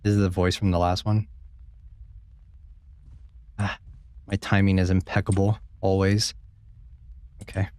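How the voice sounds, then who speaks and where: A man's voice: deep voice, little pitch movement, a little slow, pauses often, a little mellow, clear, resonant tone, no echo. A man streaming a horror game, chatting casually with his viewers, swearing freely and joking as he plays. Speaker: gaming streamer. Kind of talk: casual let's-play commentary.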